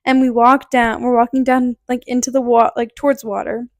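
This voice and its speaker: A young woman from Connecticut chats through a story on her podcast. Her voice sits slightly high, and her loose, filler-heavy delivery is broken by little laughs. The recording is dry and close, with no room sound. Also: little pitch movement, normal speed, darkish tone, dry recording. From Connecticut, USA. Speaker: podcast host. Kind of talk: casual storytelling.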